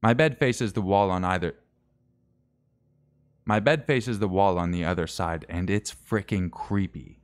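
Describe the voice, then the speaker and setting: A man's voice: low voice, unhurried, pauses often. A man streaming, reading a scary story aloud in a casual way, correcting his slips and adding wry asides.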